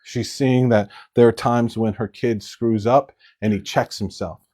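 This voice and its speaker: A male pastor delivering a sermon at an ordinary, mid-range pitch. He talks in a blunt, conversational way and does not shy away from coarse words. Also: steady tone, unhurried, dark tone.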